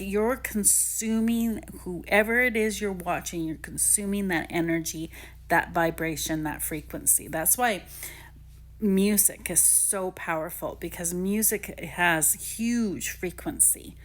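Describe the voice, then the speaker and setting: A woman's voice: medium pitch, measured pace. A woman talking casually and encouragingly to viewers, giving spiritual advice about intuition. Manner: chatty, encouraging, addresses viewers directly. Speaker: spiritual teacher.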